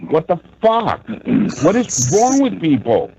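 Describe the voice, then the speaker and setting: A man's voice: high-pitched, wildly swooping pitch, takes it slowly, a little mellow, breathy edge, low-quality recording. A man calling into a live show, ranting angrily with lots of swearing and bursts of laughter. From New York, US. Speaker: caller. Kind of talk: casual call-in chat.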